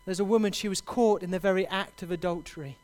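A man preaching a sermon, building to loud, impassioned repeated cries. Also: high-pitched, fairly even intonation, fast.

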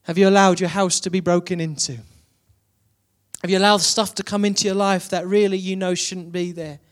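A man's voice: high-pitched, level tone, brisk. A man preaching a sermon, building to emphatic repeated questions.

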